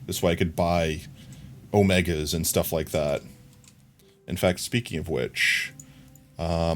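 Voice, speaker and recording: Deep-voiced man chatting casually while gaming. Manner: relaxed, rambling, thinks aloud. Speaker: streamer. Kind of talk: casual gameplay chat.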